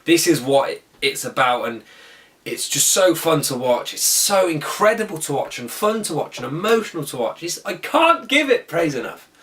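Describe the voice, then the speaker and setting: A man's voice: fairly high pitch, very animated, fairly bright tone, distant mic, a little hiss or hum. Eager rambling man reviewing a film. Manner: enthusiastic, rambling, with quick self-corrections. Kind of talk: casual spoken movie review.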